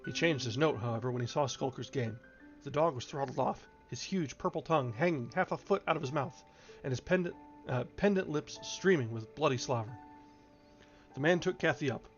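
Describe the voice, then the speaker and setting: A man reading a classic novel aloud on a livestream, expressive but with occasional slips and restarts. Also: medium pitch, fairly quick. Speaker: audiobook reader. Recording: dull lo-fi recording with faint music.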